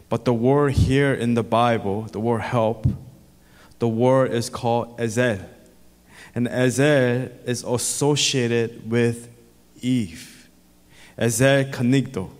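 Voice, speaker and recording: A man's voice: medium pitch, clear, resonant tone. A male pastor delivering a sermon with an earnest, repetitive preaching cadence, recorded in a church sanctuary. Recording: echoey church hall.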